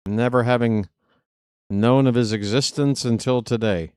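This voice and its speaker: A man's voice: medium pitch, steady tone, measured pace, a little mellow, clean tone, no room sound, studio quality. A man hosting a live baseball stream, chatting casually with viewers and joking in asides.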